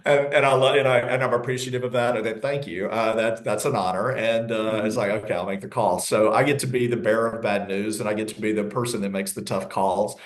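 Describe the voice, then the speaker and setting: A man's voice: on the low side, fairly even intonation, a little fast, few pauses. A middle-aged man with a Southern American accent, a real estate agent talking things through in an interview, often repeating and restarting his words. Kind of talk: interview, casual conversation. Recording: roomy echo.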